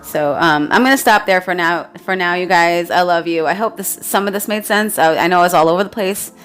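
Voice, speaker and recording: A woman's voice: on the low side, brisk, a bit bright, soft background music. A woman telling a spiritual story to her viewers in a rambling, casual way, with many fillers and laughs. She says she is exhausted. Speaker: spiritual vlogger.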